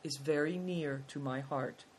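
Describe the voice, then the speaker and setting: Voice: medium pitch, steady tone, measured pace, a little hiss or hum, close to an everyday voice. A reader voicing Mate, a hospitable older male nomad host who speaks in formal, flowery language, in a storybook reading. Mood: courteous.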